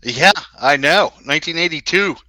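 A man in casual chat, dropping low-key dry wisecracks. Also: expressive, normal speed, sharp tone, dry recording. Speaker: podcast co-host.

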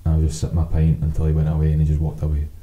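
His voice is very deep and monotone, delivered very fast with a mellow quality on a low-quality recording. He's a Scottish man co-hosting a podcast, rambling through swear-filled stories and voicing each side of the back-and-forth himself.

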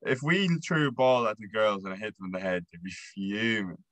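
A man's voice: fairly low pitch, lively intonation, brisk, a bit bright, no room sound, rough recording. A young man with an Irish accent, hosting a casual podcast chat, laughing as he tells stories and swearing freely. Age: young adult. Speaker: podcast host.

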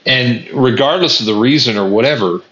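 A man's voice: medium pitch, moderate pace, a bit bright. A man talking earnestly straight to the viewer about lessons he has learned, often stumbling and repeating words as he thinks. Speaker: vlogger. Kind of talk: reflective personal monologue. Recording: echoey room, dull lo-fi sound.

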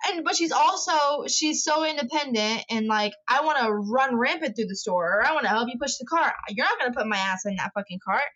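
A woman's voice: fairly high pitch, expressive, a little fast, hardly any pauses, bright, forceful tone. A woman co-hosting a casual podcast chat, telling stories frankly with a lot of swearing. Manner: frank storytelling, heavy swearing. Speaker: podcast co-host. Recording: dull lo-fi sound.

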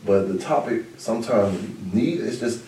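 Man, podcast host, blunt and animated, low voice, echoey room, mic set back. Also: distant mic. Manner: blunt, animated, talks in quick bursts. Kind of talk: casual podcast chat.

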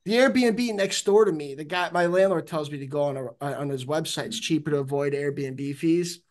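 A man hosting a casual sports podcast, excitable and cursing freely. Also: a little high, moderate pace. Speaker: podcast host. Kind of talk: casual chat.

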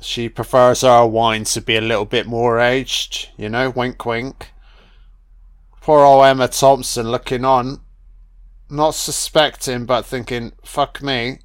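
Excitable, foul-mouthed man doing commentary. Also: medium pitch, unhurried, smooth. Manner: excitable and heavily profane, with laughter; slangy, calls listeners man, son and baby. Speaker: film commentator. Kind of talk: casual film commentary.

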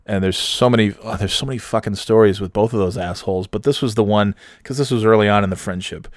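Man, lowish voice, dry close sound, loose profane storytelling with frequent laughs. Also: quick pace, no echo. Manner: profane, laughing often, rambling restarts. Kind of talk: casual personal anecdote.

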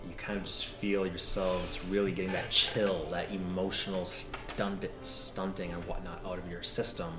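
A man's voice: sits low, little pitch movement, moderate pace, hardly any pauses, reverberant, over music. A man narrating as game master in a laid-back way, describing scenes with casual swearing.

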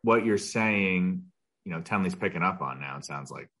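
A young adult man co-hosting a casual podcast, laid-back and quick to laugh. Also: low-pitched, animated, bright, forceful tone. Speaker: podcast co-host.

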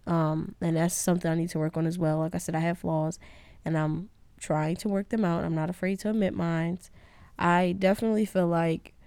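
A young woman with a slightly low voice talks alone in a candid, meandering way, owning up to her own faults. Her sound is dry and close, with no room around it. It feels like a casual podcast monologue. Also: creaky, mellow, no echo. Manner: candid, rambling, self-critical. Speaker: podcast host.

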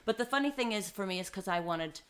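A woman in her thirties with an Australian accent, a guest telling her story in a casual interview, animated and acting out what people said. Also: mid-range voice, quick pace, clear, resonant tone. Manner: animated storyteller, acts out quotes with big laughs. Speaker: guest, mother of triplets.

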